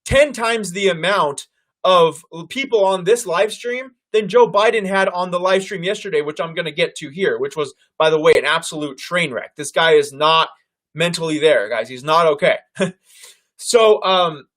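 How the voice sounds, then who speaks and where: A man hosting a political livestream, talking loudly and animatedly and calling his viewers "guys". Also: a little high, normal speed. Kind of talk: casual political commentary.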